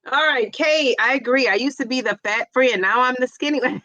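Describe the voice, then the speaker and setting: Bright-voiced chatty woman livestream host. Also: high-pitched, fairly quick, few pauses, no echo, lo-fi sound. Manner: chatty, laughs often, exclaims "Jeez Louise". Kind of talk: casual livestream chat reading comments.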